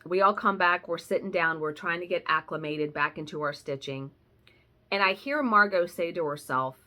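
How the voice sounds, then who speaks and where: Lively chatty woman telling a story. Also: on the low side, normal speed. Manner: chatty, conversational, swears casually. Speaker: cross-stitch vlogger. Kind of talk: casual storytelling vlog.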